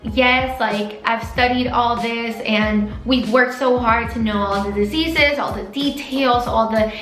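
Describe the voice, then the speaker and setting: A woman's voice: fairly high pitch, a little slow, a bit bright, roomy sound, soft background music, low-quality recording. A young woman in her twenties, a veterinary student, talking to camera in a personal vlog; chatty and emotional, at times close to tears. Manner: emotional, openly tearful at times; chatty with many likes and restarts.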